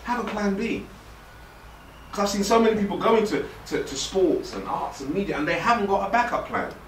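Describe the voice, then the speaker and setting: A man's voice: high voice, fairly quick, a bit bright, recorded from a distance, slight background noise. A man, giving a playful, direct motivational talk to a youth forum audience. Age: 40s. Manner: joking, direct and playful, puts on slangy voices. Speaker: motivational speaker. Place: event hall with a live audience. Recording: echoey hall, speaker away from the mic.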